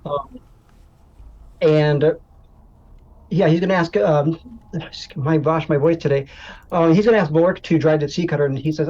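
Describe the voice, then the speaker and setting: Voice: medium pitch, moderate pace, pauses often, darkish tone, dull audio. A player in a tabletop game, hesitant and restarting while explaining a plan.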